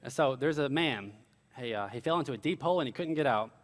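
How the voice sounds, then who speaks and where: A man's voice: mid-range voice, animated, fast talker, in a large hall. A young man preaching a sermon, telling stories with earnest, casual asides. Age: young adult. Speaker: pastor.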